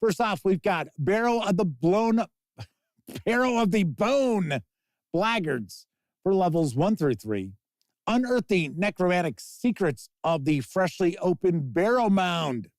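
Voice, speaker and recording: A man hosts a live tabletop gaming news stream, reading announcements, riffing on them chattily, and answering viewer comments. His high, slightly mellow voice swings widely in pitch at an unhurried pace, with no room sound.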